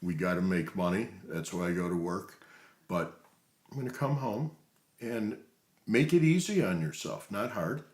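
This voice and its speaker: Deep-voiced reassuring man presenter. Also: normal speed, reverberant. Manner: reassuring, calm. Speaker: workshop presenter. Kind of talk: role-play demonstration.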